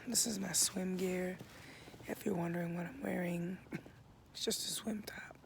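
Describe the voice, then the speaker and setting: Slow gravelly man, laid-back vlog. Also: sits high, flat delivery. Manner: laid-back, drifting into soft half-whispers. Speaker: vlogger. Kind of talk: casual reflective vlog. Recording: noisy outdoor recording.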